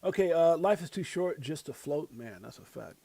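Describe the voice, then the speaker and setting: A man's voice: a little high, animated, normal speed, vocal fry, warm tone. A middle-aged man hosting a casual livestream, rambling, chuckling often and reading posts aloud. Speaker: crypto livestream host.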